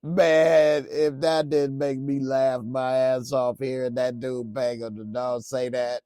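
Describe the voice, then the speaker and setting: A man casually reacting to a TV episode in slangy, laid-back talk with lots of laughter and animated retelling. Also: mid-range voice, takes it slowly, smooth, dry recording, studio quality. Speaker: reviewer.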